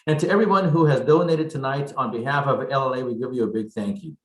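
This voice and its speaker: A man's voice: mid-range voice, fast, roomy sound, rough recording. A man hosting an online gala, casual and upbeat, thanking guests loosely with fillers. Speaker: event host.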